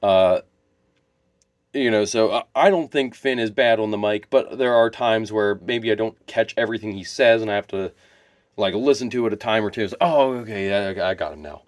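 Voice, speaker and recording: A man's voice: on the low side, fairly even intonation, normal speed, no echo. Enthusiastic rambling man, dry sound. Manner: enthusiastic, rambling, restarts and self-corrections. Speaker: wrestling video creator. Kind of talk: casual solo commentary to camera.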